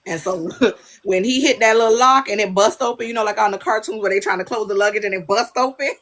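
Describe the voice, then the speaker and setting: Female podcast host, animated storyteller. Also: mid-range voice, fast talker. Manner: animated storytelling, acts out quotes. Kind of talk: casual chat. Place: livestream on a social app.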